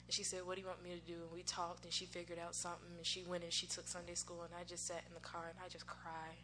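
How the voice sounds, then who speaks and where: A woman's voice: lowish voice, monotone, fast, hardly any pauses, noisy background. Candid American woman sharing church testimony. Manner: candid and conversational, laughing at herself. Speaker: church musician and worship singer. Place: church sanctuary. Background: music.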